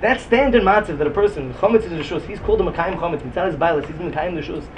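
Fast, high-voiced man with a Yeshivish accent giving a Talmud class. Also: slight background noise, rough recording. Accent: Yeshivish English. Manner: rapid, emphatic, mixes Yiddish and Hebrew terms into English. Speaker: Talmud teacher. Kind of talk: Talmudic lecture.

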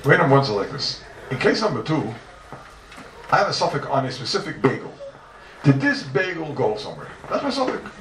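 A man teaching a Talmud class in a lively lecture style, repeating questions and mixing in Hebrew and Aramaic terms. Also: medium pitch, brisk, long pauses, a little hiss or hum. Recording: echoey room, mic from far off.

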